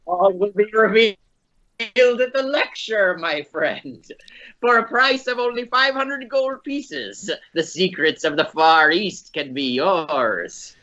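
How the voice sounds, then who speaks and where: A man in a tabletop game, hamming up his character in a grand, showy salesman's patter. His voice is bright and lively, rising and falling a lot. The sound is dull and lo-fi. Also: high voice, slow pace. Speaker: player. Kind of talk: in-character tabletop role-play.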